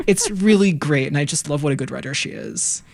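A woman's voice: deep voice, animated, a little fast, gravelly, darkish tone, no room sound. A woman co-hosting a public radio talk show, thoughtful and enthusiastic.

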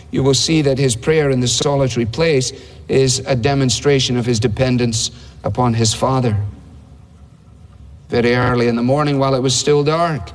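A man preaching a sermon in a conversational way, asking rhetorical questions. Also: mid-range voice. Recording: long hall reverb.

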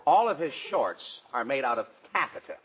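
Cocky 1940s radio comedian guy, lively pitch, muffled old recording with hiss. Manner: wisecracking, boastful, quick comebacks. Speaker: comedy show host.

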